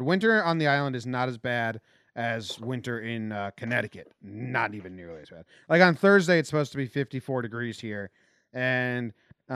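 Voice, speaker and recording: A man's voice: mid-range voice, fairly bright tone, clear, resonant tone, no room sound. A man co-hosting a casual podcast, laid-back and joking as he reads odd headlines with dry asides. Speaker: podcast co-host. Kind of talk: casual sports and news chat. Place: old beach cottage on an island.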